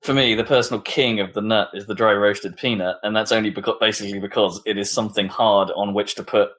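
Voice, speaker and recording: A man's voice: on the low side, steady tone, quick pace, fairly bright tone. A man co-hosting a podcast in casual chat, playful and musing. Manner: playful, musing, mid-range voice. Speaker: podcast co-host.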